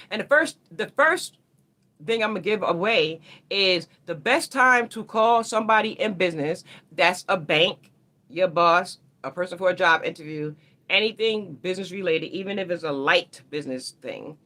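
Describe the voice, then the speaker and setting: A woman's voice: lowish voice, moderate pace, bright, forceful tone. A woman hosting a casual astrology livestream, talking to viewers in a slangy, rambling way.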